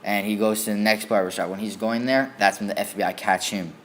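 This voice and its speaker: A man's voice: fairly low pitch, steady tone, a little fast, slight background noise. A man casually telling a story in the first person, rambling with many restarts and repeated fillers. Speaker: student storyteller.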